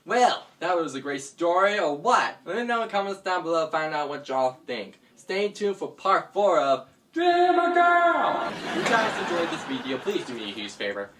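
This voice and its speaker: A man narrating a homemade story for a vlog in a slow, animated way. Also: fairly high pitch. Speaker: vlogger and storyteller. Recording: distant mic with background noise.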